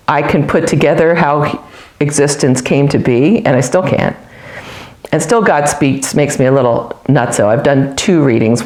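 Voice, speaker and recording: Woman, middle-aged, low voice, candid, self-mocking storyteller, roomy echo. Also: darkish tone. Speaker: storyteller sharing a spiritual testimony. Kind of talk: personal storytelling. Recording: roomy echoey recording.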